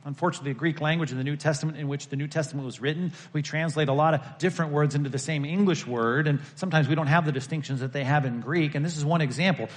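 Here the pastor's voice sits on the high side as he preaches. His sermon feels like a conversation with the congregation, alternating emphatic bursts with softer, hushed passages.

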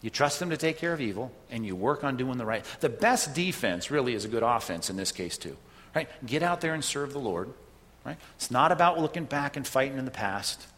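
A man delivering a sermon in a relaxed, conversational manner, tossing in "right?" as he goes. His voice sits at an ordinary middle pitch. The room gives it a long, hanging reverb, like a large sanctuary. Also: brisk. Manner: conversational preaching with frequent "right?" asides. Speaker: pastor.

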